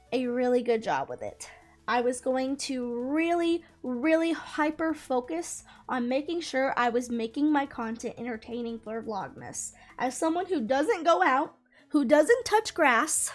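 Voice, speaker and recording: A young woman with a high, bright-sounding voice chats straight to the camera in a lively, animated way. She talks close to the mic and laughs as she tells her story, and faint music plays underneath. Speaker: YouTuber. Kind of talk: casual storytime chat to camera.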